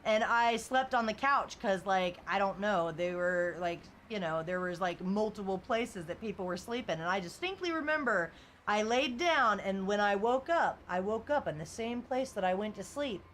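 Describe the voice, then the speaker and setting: A woman's voice: medium pitch, animated, normal speed, fairly bright tone, slight background noise. Chatty laughing woman streamer. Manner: rambling and chatty, full of "like" and "you know", laughs often. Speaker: game streamer. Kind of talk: casual live-stream chat, reading viewer comments aloud.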